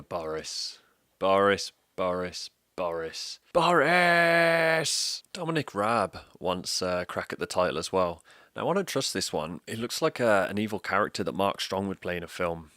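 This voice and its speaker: A man delivering a scripted comedic political rant, sardonic and sweary with deadpan mockery. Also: low-pitched, no echo, clean studio sound. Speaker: comedic ranter.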